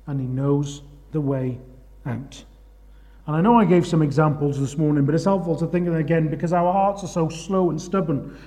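A man preaching a sermon, swinging from loud urgent questions to hushed, slow phrases. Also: on the high side.

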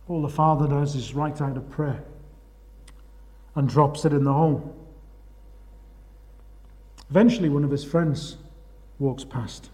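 A man preaching a sermon, swinging from loud urgent questions to hushed, slow phrases. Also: a little high.

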